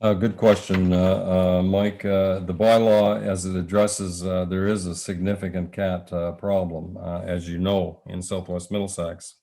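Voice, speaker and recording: A man with a Canadian accent chairing a council meeting as mayor, speaking haltingly with many filler pauses and a voice he is losing. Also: deep voice, level tone, gravelly, dark tone. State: losing his voice.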